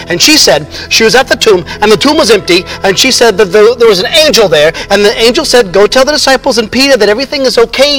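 A man playing an excitable fisherman apostle in a comedic skit, rambling and jokey. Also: high-pitched, poor audio. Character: excitable male fisherman apostle, middle-aged, gushing.

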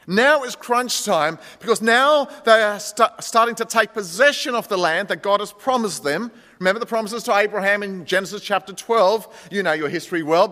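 A male pastor delivering a conversational sermon to his congregation. His voice sits high and sounds bright and clear. A long church reverb hangs behind every phrase. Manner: conversational, addresses the congregation as friends. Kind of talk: sermon with a told story. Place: church sanctuary.

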